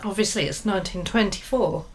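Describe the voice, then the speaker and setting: A woman co-hosting a podcast in casual chat, talking things through and trailing off into quiet asides. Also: medium pitch, brisk, a little hiss or hum. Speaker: podcast co-host and storyteller.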